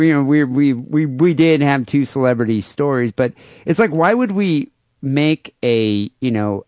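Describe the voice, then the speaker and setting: Male podcast co-host, mid-pitched, animated and irreverent, dry sound. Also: dry recording. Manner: animated, irreverent, often restarts. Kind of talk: casual chat. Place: home studio in LA.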